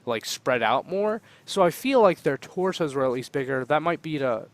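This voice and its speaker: A man co-hosting a podcast in casual chat, animated and quick to argue his point. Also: fairly high pitch. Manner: animated, talks over others, laughs often. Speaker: podcast co-host.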